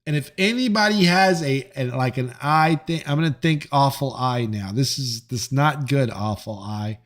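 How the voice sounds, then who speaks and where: A man hosting a live stream, chatting casually with viewers in a joking, profane and animated way. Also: mid-range voice, moderate pace. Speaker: livestream host reading chat.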